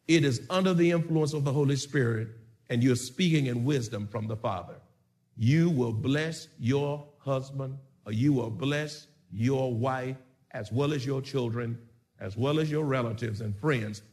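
A man's voice: mid-range voice, a little slow, darkish tone. A man preaching a sermon as pastor, asking the congregation questions and swelling in volume to make his points. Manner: preaching with call-and-response questions and rising volume.

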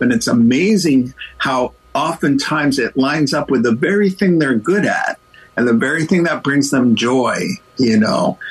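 A middle-aged male pastor telling a story as a guest in a radio interview, animated and playing out the voices of the people in it. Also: medium pitch, slightly rough, rough recording.

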